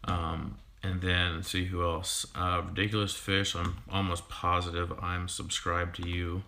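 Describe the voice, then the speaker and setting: Deep, flat-voiced man rambling on a livestream. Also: a little hiss or hum. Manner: halting, full of ums and restarts. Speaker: fishkeeping YouTuber and sixth-grade teacher. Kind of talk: casual livestream chat.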